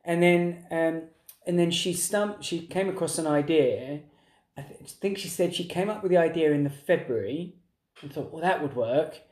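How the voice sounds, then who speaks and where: A man's voice: fairly high pitch, normal speed, a little mellow. Male co-host, 30s, rambling casual podcast chat, echoey room. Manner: rambling, restarts sentences.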